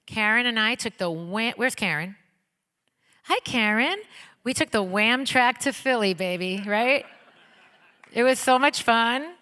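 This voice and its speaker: A woman being interviewed onstage in an auditorium, telling stories in a bubbly, excited way full of likes and ums. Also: fairly high pitch, unhurried, pauses often, smooth. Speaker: guest, pop singer and author. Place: auditorium stage before an audience. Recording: long reverb of a hall.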